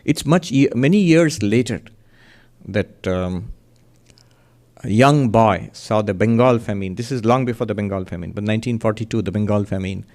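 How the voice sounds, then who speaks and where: A man's voice: lowish voice, darkish tone. Earnest man telling a story in a lecture. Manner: earnest, with restarts and dramatic pauses in the storytelling. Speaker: monk lecturer.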